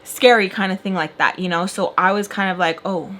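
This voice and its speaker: A young woman telling a long story in a casual, animated way while doing her makeup, filling her talk with "like". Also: mid-range voice, fairly quick. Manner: chatty, animated retelling with filler "like".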